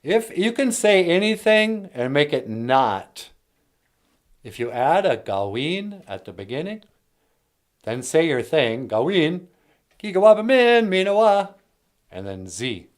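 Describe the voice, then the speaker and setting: Male host, casual comedic language teacher, unhurried, very animated delivery. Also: medium pitch. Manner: playful, jokey, slips between plain talk and silly bits.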